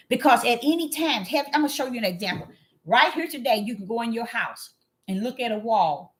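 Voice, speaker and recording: A woman with a fairly high voice delivers a preachy monologue to her viewers. She hammers points home by repeating herself. She jumps from loud exclamations to quiet, muttered asides. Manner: emphatic, repeats phrases for emphasis. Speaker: online religious commentator.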